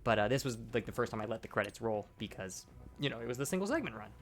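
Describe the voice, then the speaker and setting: A man's voice: medium pitch, big pitch swings, fast. A young man giving casual gameplay commentary, tipsy and rambling with many restarts and fillers, on a bad clipping microphone. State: tipsy, burping. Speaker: gaming channel host. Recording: lo-fi clipping mic.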